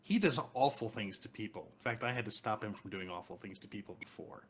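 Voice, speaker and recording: A man voicing a male wizard adventurer in a tabletop game, calm and mock-polite while making threats. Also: on the low side, fast talker, husky. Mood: menacing polite.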